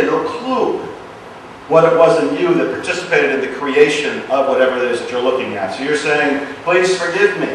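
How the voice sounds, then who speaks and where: A man's voice: on the high side, a little hiss or hum. Earnest self-help man, very echoey room. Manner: earnest, repeats phrases in a hushed soft voice. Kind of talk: motivational talk to an audience. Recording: very echoey room, speaker far from mic.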